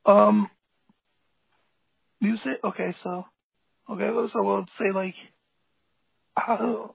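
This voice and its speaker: A man with a high voice and heavy vocal fry speaks casually, with plenty of filler words. His tone stays enthusiastic and rambling. The sound is dry and dull, like a lo-fi call recording. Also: steady tone, slow, no echo. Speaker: guest, hip hop artist and graphic designer. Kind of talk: casual interview talk.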